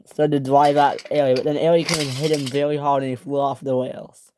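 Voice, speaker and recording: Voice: flat delivery, fairly quick, noisy background. A storyteller narrating a toy train story with many restarts and self-corrections. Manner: acts out each character's lines in higher, louder voices.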